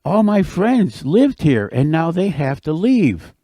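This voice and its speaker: A man putting on a tiny, cunning snapping turtle in a spoken folktale. The voice sits higher than his own and bounces around with sly, wheedling flattery. It is close and dry. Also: slow pace, no room sound, heavily acted. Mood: pleading. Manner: sly, pleading, then boastful. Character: small clever male snapping turtle.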